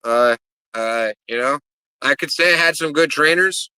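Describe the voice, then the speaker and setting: A man's voice: a little high, measured pace, bright, forceful tone, clean tone, dry recording, low-quality recording. A man, a pro wrestler, cutting a brash, profane promo and rambling and stammering through interview answers.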